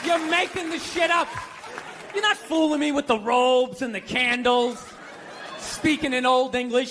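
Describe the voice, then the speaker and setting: A man doing a stand-up comedy set on a large stage, ranting sarcastically with lots of swearing and punchy, animated delivery. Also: very high voice, normal speed, a little hiss or hum. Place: large stage before a live audience. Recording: live show, loud crowd laughter.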